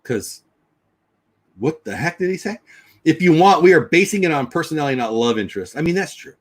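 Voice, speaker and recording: A man with a slightly husky, breathy voice chats loosely on his livestream, thinking out loud as he answers viewers. His pitch swings widely and freely as he goes. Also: very animated, brisk. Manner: chatty, rambling, thinks out loud. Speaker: livestream host. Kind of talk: casual livestream chat reading comments.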